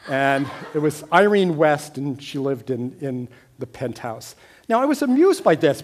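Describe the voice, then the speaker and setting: A middle-aged American man telling a personal story on stage, wry and deadpan, growing animated at times. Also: on the high side. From United States. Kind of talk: storytelling talk.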